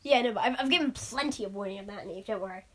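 A woman's voice: medium pitch, racing. A woman co-hosting a podcast, talking through a game in casual chat with a rambling, restart-filled manner. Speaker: podcast co-host.

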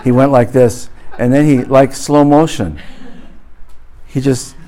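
A man's voice: mid-range voice, slow pace. Man preaching with comic storytelling. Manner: animated storyteller, building comic exaggeration, then blessing. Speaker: pastor. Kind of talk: sermon with a humorous story. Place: church event before a live audience.

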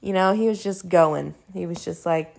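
Young woman rambling a story at home, lots of "like", swears a bit, super animated. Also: fairly low pitch, moderate pace, creaky. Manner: chatty, animated, swears casually, frequent "like". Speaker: vlogger. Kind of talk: casual storytelling to camera. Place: home room.

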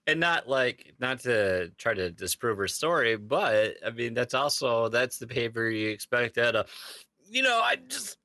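A man's voice: mid-range voice, normal speed, few pauses, bright, forceful tone, no echo. A man co-hosting a casual chat, chiming in with wry, teasing remarks. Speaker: co-host.

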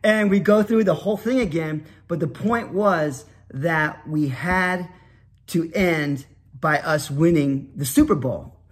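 A man telling a nostalgic childhood story in a rambling way, with many restarts and bursts into loud sportscaster shouts. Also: fairly high pitch, slow pace.

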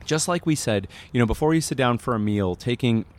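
A man in casual conversation, an animated storyteller with frequent fillers who talks about stress and breathing. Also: medium pitch, brisk.

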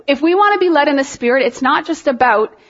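A woman worship leader telling a congregation a story in a sermon-style testimony, animated, laughing and rising with emotion. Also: sits high, fast, muffled recording.

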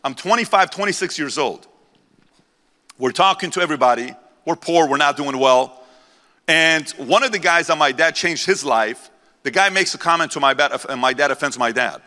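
A man's voice: on the high side, lively intonation, moderate pace, pushed and bright. A man in his forties giving a live motivational speech to a crowd in a convention center, intense and preachy, repeating lines for emphasis. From born in Iran, raised in the United States. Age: 40s. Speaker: motivational keynote speaker. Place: large convention center hall. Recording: long hall reverb from a large venue.

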